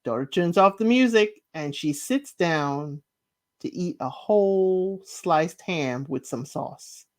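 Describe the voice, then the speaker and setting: A woman's voice: lowish voice, animated, slow pace, darkish tone. A woman casually recapping a TV series, acting out the characters' lines with big swings in her voice. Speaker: podcast host recapping a TV series.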